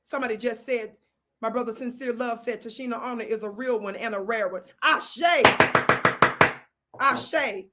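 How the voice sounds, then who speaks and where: A woman with a high voice and hosts a live stream. She talks in a preacher-like way, reads out comments from her chat and calls blessings down on her viewers. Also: steady tone, normal speed, pushed and bright, slight background noise. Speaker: livestream host.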